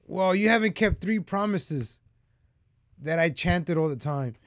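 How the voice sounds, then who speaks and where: A man's voice: high voice, animated, measured pace, dry recording. A man hosting his own political commentary vlog, talking straight to his viewers in a heated, repetitive rant. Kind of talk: ranting opinion vlog.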